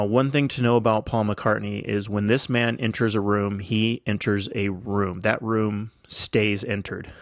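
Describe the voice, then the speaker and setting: An older American man with a gravelly, lowish voice tells a story on his podcast. He talks in a chatty, enthusiastic way, full of likes and you-knows. The sound is close and dry, with no room echo. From United States. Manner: enthusiastic, chatty, lots of fillers. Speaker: podcast host. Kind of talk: casual storytelling.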